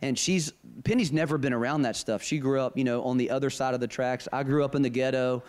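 A man's voice: medium pitch, steady tone, fast, darkish tone. A middle-aged man preaching a sermon, telling personal stories with emphasis and repeating key phrases.

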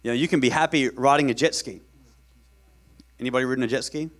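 A man's voice: medium pitch, fast, a bit bright. A man preaching a sermon as pastor, talking casually with the congregation, asking them questions and repeating lines for emphasis.

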